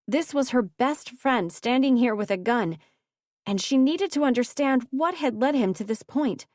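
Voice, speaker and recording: A woman narrating a young adult fantasy audiobook in an even, measured reading. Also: on the high side, no room sound, studio quality. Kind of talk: scripted narration.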